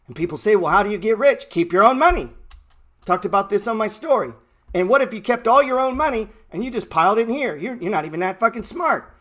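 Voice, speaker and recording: A man's voice: high voice, animated, fast talker, fairly bright tone. A man in his thirties hosting a trading show, giving a blunt, mocking, profane motivational rant. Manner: blunt, brash and mocking, heavy swearing.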